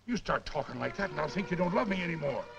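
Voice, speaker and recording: A man's voice: a little high, lively intonation, fast, highs cut off, loud music behind the voice. An actor in a 1950s film playing a boozy, roguish cavalry trooper who sweet-talks and teases his girl. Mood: wheedling. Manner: wheedling, teasing, gravelly. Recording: noisy old film soundtrack.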